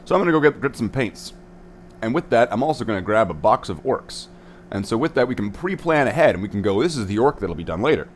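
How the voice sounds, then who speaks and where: A man's voice: mid-range voice, very animated, fast talker, a little hiss or hum. A young man streaming from his hobby room, chatting casually and goofily as he paints miniatures, drifting off into silly repeated words. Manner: goofy and playful, sings nonsense and repeats words. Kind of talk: rambling casual livestream chat.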